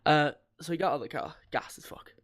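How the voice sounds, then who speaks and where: A man's voice: on the high side, fast. A man co-hosting a podcast, recapping in a rambling way with swearing and laughter. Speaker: podcast co-host. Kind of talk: casual chat.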